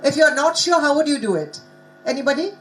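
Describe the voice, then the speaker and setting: A woman's voice: high-pitched, animated, brisk, faint music behind, poor audio. Engaging woman leading a pronunciation workshop. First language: not English. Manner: engaging, asks the audience questions. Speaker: workshop presenter. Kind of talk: conference workshop talk on pronunciation. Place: conference hall.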